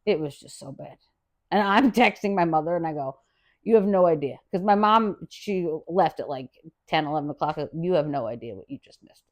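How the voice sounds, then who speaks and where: A woman hosting a podcast, telling a wild story in a casual, profane rant, swinging from loud and laughing to low, quiet asides. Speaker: podcast host.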